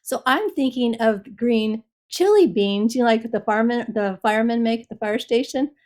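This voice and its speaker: A woman guest on a couples podcast, jumping in to tell her side of the story in a fairly high voice. She laughs along as she talks. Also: moderate pace, a little mellow. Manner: chiming in, laughing. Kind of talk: casual chat.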